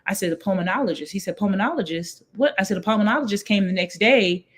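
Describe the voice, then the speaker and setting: A woman, a guest telling her story in a casual interview, acting out what others said in lively voices. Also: medium pitch, fast, slightly rough. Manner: animated, acts out quoted voices.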